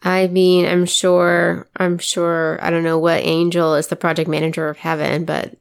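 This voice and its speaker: A woman co-hosting a podcast, croaky from a cold, chatting in a rambling, wry way. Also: on the low side, completely flat delivery, moderate pace. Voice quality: gravelly. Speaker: podcast co-host. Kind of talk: casual chat.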